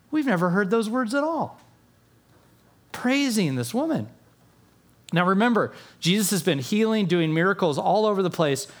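A man preaching a sermon to his congregation, animated and storytelling, acting out quotes from the story. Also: fairly high pitch. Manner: animated, acts out voices of people in the story. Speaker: pastor.

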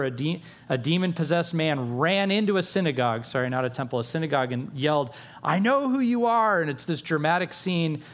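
Earnest male preacher, fairly high voice. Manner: earnest, shifts between quiet emphasis and raised rhetorical questions. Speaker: pastor. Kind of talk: sermon.

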